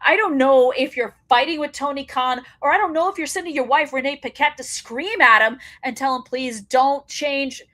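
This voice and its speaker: A woman hosting her own wrestling show, sounding fired up and blunt, with swearing. Her voice sits a bit high for a woman. She talks straight to her viewers. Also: fairly quick, hardly any pauses, bright, forceful tone. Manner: fired-up ranting, blunt and profane. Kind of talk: solo commentary show.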